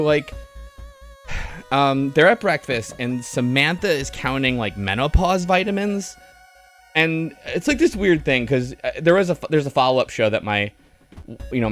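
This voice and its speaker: A man's voice: mid-range voice, a bit bright. A man giving a casual, rambling movie review on a stream, sardonic and full of fillers and restarts.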